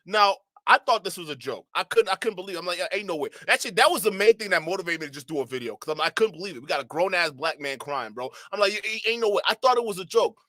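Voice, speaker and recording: High-voiced man mocking for his chat. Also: fast, few pauses, no room sound. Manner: animated, mocking, laughing often. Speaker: commentary channel host. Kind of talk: reaction commentary to chat.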